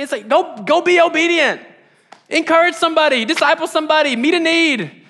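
A man preaching a sermon as pastor, conversational and animated, building to emphatic exhortations. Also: very high-pitched, fairly quick, in a large hall.

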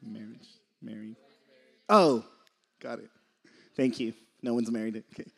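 A man's voice: medium pitch, measured pace, vocal fry, long pauses, a bit bright, breathy edge. A young man giving a casual sermon, conversational and laughing often, sometimes losing his train of thought. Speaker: preacher.

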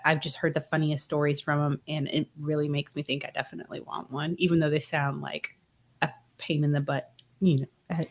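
Low-voiced woman host reacting. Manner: reacts warmly with short exclamations. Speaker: podcast host. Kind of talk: casual interview chat.

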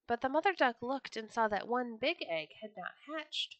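Female storyteller, children's book reading, expressive, bright and dry. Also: a little high, normal speed, dry recording, dull audio.

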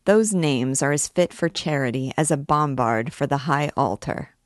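A woman reading aloud and voicing a stern, measured male archdeacon. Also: a bass voice, no room sound, studio quality. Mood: sceptical. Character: stern, severe male archdeacon, middle-aged.

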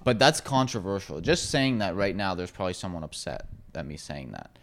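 A man talking bluntly and plainly in a loose conversation, throwing in curses without pause. His voice is a touch low. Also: very animated. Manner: blunt, profane, matter-of-fact. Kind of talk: casual podcast chat.

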